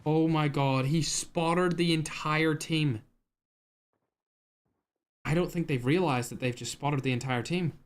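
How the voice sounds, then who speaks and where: A young man giving live esports commentary as a streamer, excitable and full of exclamations, chatting with his viewers as he calls the action. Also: on the high side, measured pace, pauses often. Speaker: streamer casting a mobile shooter tournament.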